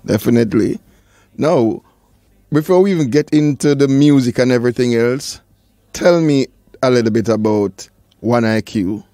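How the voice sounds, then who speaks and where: A man hosting a radio interview, asking direct, measured questions. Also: medium pitch, dark tone, no echo, clean studio sound. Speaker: radio show host.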